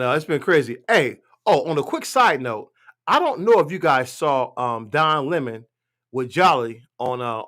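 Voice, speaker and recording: Man, higher pitch, profane, blunt, rambling, live stream rant. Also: a bit bright. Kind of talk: casual political rant.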